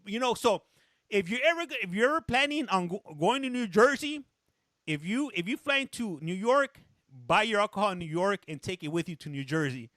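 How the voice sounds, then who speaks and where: A man's voice: sits high, lively intonation, brisk, a bit bright, no room sound, clean studio sound. A man hosting a casual live stream, telling a story in a chatty, rambling way while stopping to greet and answer viewers in chat, now and then slipping into a little Spanish. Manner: chatty storyteller, stops often to read comments; slips briefly into Spanish. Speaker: livestream host reading viewer chat.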